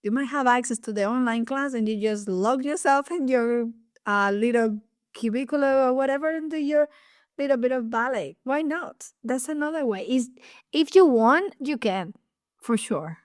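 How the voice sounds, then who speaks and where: A woman with a Cuban accent, a ballet teacher co-hosting a casual podcast chat, animated and laughing often. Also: sits high, moderate pace, no room sound, clean studio sound.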